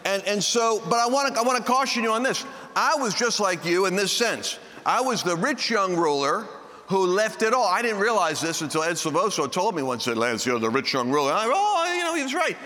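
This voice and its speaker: Bright, high-voiced man preaching. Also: big pitch swings, a little fast. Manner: joking storyteller who acts out quoted voices. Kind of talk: sermon. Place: large meeting hall with a live audience. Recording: long hall reverb, faint background noise.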